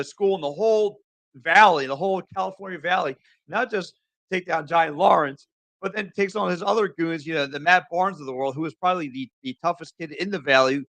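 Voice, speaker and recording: A man co-hosting a casual sports podcast, talking in a halting way with restarts. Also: high-pitched, vocal fry, a bit bright, dry recording. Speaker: podcast co-host.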